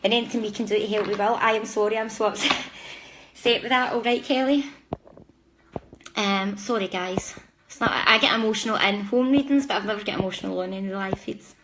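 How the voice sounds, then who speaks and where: Against a noisy background, a woman of medium pitch talks briskly while giving a psychic reading on a live stream. She addresses her viewers straight on, warm and chatty, and apologizes often.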